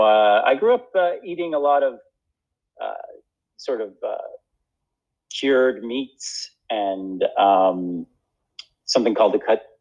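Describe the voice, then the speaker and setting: A man's voice: fairly low pitch, creaky, a little mellow. Rambling, self-deprecating man, slightly muffled audio. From United States. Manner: rambling, self-deprecating, many fillers and restarts. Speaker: actor and guest. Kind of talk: casual conversation.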